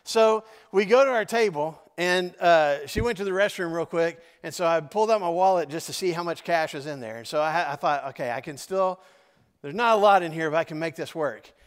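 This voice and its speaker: A man's voice: a little high, fairly quick, clear, resonant tone. A man, telling a personal story in a conversational sermon to his congregation, with asides to the audience. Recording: long hall reverb.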